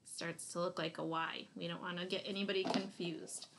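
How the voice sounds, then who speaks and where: A woman's voice: on the low side, level tone, creaky, background noise. A woman teacher giving a phonics lesson to young children, sounding out letters and praising answers. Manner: slow, encouraging, sounding out letters.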